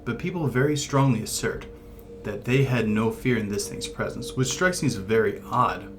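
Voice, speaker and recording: A man co-hosting a paranormal discussion show, explaining things in a measured, thoughtful way. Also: medium pitch, background noise. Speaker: paranormal podcast co-host. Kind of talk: casual discussion.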